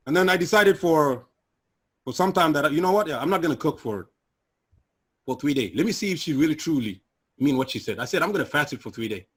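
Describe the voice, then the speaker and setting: A middle-aged man tells his personal testimony in an earnest, emotional way. His voice sits a bit high for a man and has a husky, breathy edge. He sinks low and quiet when the memories turn hard. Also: animated, fairly quick, pauses often. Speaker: guest sharing personal testimony.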